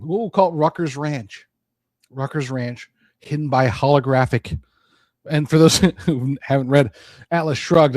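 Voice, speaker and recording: A man's voice: medium pitch, a little mellow, no room sound. Rambling, conversational male podcast host. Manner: rambling, conversational, with frequent restarts. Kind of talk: casual political monologue.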